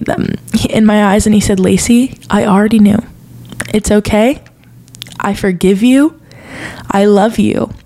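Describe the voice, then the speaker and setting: A woman's voice: medium pitch, mellow. Earnest woman sharing a faith confession. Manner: earnest, confessional, emotional at times. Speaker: podcast host. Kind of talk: personal faith podcast talk.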